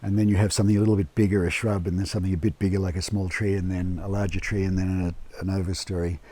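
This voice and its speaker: An eco lodge owner and permaculture gardener with a low, husky voice is interviewed casually inside his home. He speaks in a relaxed, unhurried way with lots of fillers and restarts.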